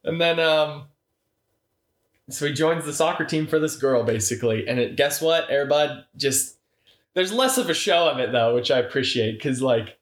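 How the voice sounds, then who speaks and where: A man's voice: a little high, expressive, normal speed, reverberant. A man co-hosting a casual movie review podcast, talking animatedly and slipping into mock voices. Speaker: podcast co-host.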